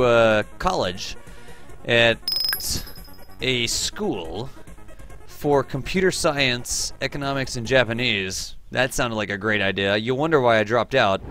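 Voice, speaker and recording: A man in his thirties hosting a live game stream, chatty and excitable, reading chat aloud and laughing often. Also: mid-range voice. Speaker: livestream game host and teacher.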